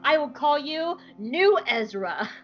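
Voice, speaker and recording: A woman's voice: high-pitched, very animated, slow pace, fairly bright tone, soft background music, pitched above the performer's own voice, full character voice. A woman jokingly voicing a man, a Jedi father figure, in a sarcastic podcast paraphrase. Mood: mock tender. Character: gruff human man, a Jedi dad. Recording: dull lo-fi podcast audio.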